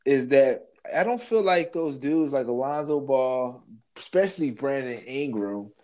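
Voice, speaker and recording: A man talking sports on a podcast in loose, easygoing chat. He laughs often, jumps between ideas and trails off mid-sentence. His voice sits at an ordinary middle pitch. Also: animated, a little slow, darkish tone. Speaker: podcast co-host.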